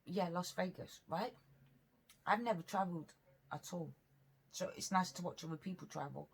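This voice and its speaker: Rambling woman with a low voice. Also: normal speed, gravelly, slight background noise. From Britain. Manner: rambling, chatty, earnest; eating while talking. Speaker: mukbang vlogger. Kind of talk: casual eating chat.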